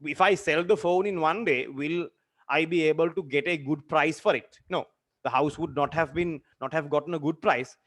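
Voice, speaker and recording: A literature teacher in his twenties, with a fairly high, slightly bright voice, tells a personal story during a lesson. He comes across as earnest and halting, using many fillers and repeated phrases.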